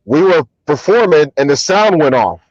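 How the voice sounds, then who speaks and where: A man, a hip hop artist and DJ, telling relaxed anecdotes as an interview guest, with many ums and restarts. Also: on the high side, normal speed, no echo, dull audio. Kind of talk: casual storytelling interview.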